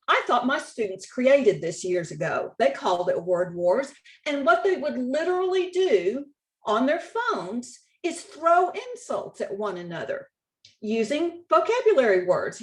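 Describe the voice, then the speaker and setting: A woman with a Texan accent giving a conference talk on spelling contests, walking through slides in a measured, instructive way. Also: fairly high pitch. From Texas. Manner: measured, instructive, reads example quotes aloud. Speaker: state contest director.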